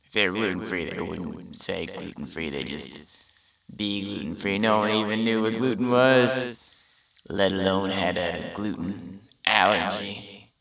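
A man's voice: deep voice, fairly even intonation, measured pace, gravelly, fairly bright tone, recorded from a distance. A man hosting a comedy podcast, rambling through a profane, incredulous monologue. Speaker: podcast host.

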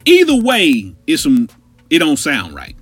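Husky, lively male podcast storyteller. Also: a little high, a little slow, no room sound, faint music behind. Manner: animated, profane, addresses listeners directly. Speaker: podcast host.

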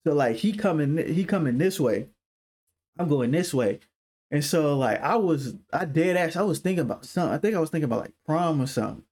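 A young man with a raspy, hoarse voice, co-hosting a casual podcast and telling slangy, profane stories. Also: on the high side, fairly quick. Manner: animated storyteller, slangy and profane. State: hoarse throat. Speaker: podcast co-host. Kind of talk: casual chat.

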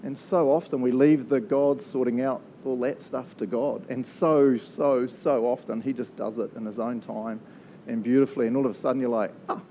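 A man's voice: medium pitch, fairly even intonation, moderate pace, mellow, slight background noise. A man with a New Zealand accent preaching a casual, conversational sermon, chatty and joking, often laughing at his own asides. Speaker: pastor.

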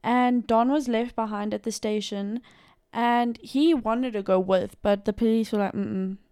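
South african girl telling a true crime story, smooth mellow voice, dry close sound. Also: on the high side, fairly even intonation, unhurried, no echo. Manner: chatty, filler-heavy storytelling with asides. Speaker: podcast host narrating a case. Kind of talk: casual true-crime podcast narration.

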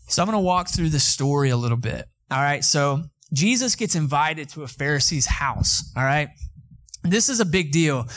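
Animated pastor preaching. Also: male voice, on the high side. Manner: conversational, animated storytelling with asides to the congregation. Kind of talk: sermon.

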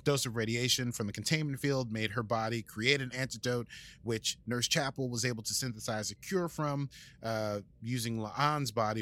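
A male podcast host from the US gives a loose, playful recap of an episode, rambling and adding sound effects in casual conversation. His voice has a medium pitch and a slightly bright quality.

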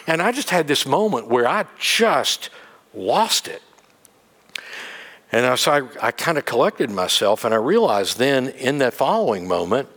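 Animated pastor in a reverberant church. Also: male voice. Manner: candid storytelling, animated rises in pitch. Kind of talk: conversational sermon. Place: church sanctuary.

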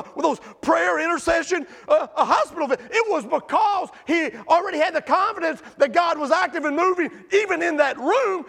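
A man preaching a sermon as pastor, telling a story with animated energy and rising to shouts. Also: very high-pitched, brisk, creaky, hardly any pauses.

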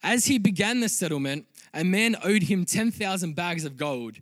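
Pastor, male, higher voice, earnest sermon delivery that swells to loud emphatic peaks. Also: animated, normal speed, no room sound.

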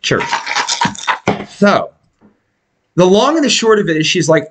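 A man tells a long story on a casual podcast, his voice riding high and swinging widely in pitch. He swears constantly and slips into voices for the people he quotes. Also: very animated, moderate pace, pauses often, a bit bright. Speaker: podcast host.

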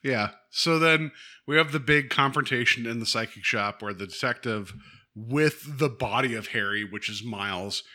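A man in casual conversation about a TV episode, animated and quick to laugh. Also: medium pitch. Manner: animated, laughs often, acts out quoted lines.

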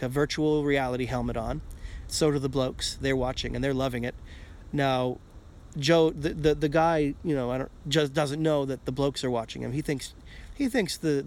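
Rambling man with a higher voice. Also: slight background noise. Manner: rambling, keeps asking "okay?", swears casually. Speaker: podcast host. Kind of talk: casual solo monologue.

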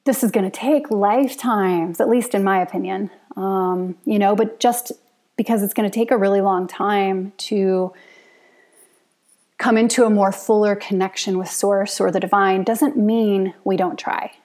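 A woman yoga and Ayurveda teacher giving a reflective talk in a gentle, unhurried way, laughing often as she speaks. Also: mid-range voice, steady tone.

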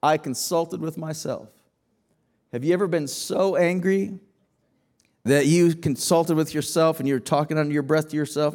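A man's voice: fairly high pitch, moderate pace, darkish tone. A man preaching a sermon as pastor, emphatic, asking rhetorical questions and often restarting his phrases.

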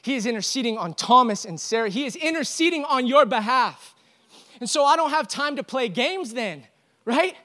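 High, bright-voiced male preacher. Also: expressive, moderate pace. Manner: preaching with rising intensity, switching between loud exhortation and soft storytelling. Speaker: pastor. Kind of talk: sermon.

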